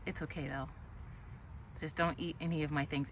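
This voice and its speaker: A woman's voice: low-pitched, fairly even intonation, moderate pace, long pauses, breathy edge, rough recording. A woman with a Southern American accent vlogging in her outdoor garden, talking straight to the critters and airing her frustration. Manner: exasperated, talks to garden critters. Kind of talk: casual garden vlog.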